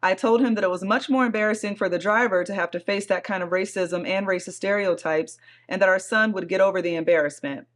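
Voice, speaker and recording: A woman's voice: medium pitch, quick pace, hardly any pauses. A woman co-hosting a podcast, chatting casually with frequent laughter and blunt, salty remarks, and reading forum posts aloud. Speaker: podcast co-host.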